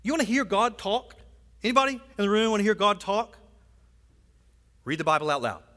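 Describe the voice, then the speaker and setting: Male pastor, high voice, chatty sermon full of asides, long hall reverb in a church. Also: sing-song, brisk, sharp tone. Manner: conversational, frequent asides and "right?" tags. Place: church sanctuary.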